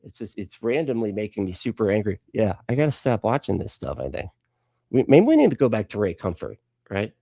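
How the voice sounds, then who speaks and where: A man hosts a live stream and mocks the clips he plays. His swearing commentary swings widely in pitch. The sound is dry and close, with no room around it. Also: sing-song, fairly quick, vocal fry, warm tone, dry recording. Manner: sarcastic and profane, talks back at clips. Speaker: host of a live reaction stream.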